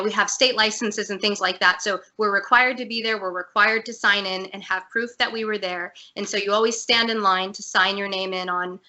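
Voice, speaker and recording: A woman of medium pitch with a pushed, bright voice appears as a guest on a video-call interview. She tells a personal story candidly and earnestly, becoming emotional at times.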